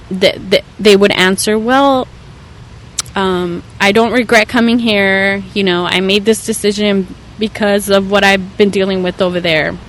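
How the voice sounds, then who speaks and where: A young woman from Southern California, a therapist and podcast guest, telling an earnest story in casual conversation. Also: low-quality recording. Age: young adult. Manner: earnest storytelling, acts out quoted voices with raised pitch.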